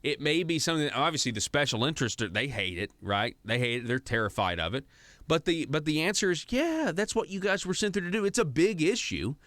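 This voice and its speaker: A man's voice: on the high side, sing-song, fairly quick, fairly bright tone, no room sound. A man from Arkansas hosting a political talk radio show, chatty and growing heated and emphatic, in a studio. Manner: conversational, grows heated and emphatic.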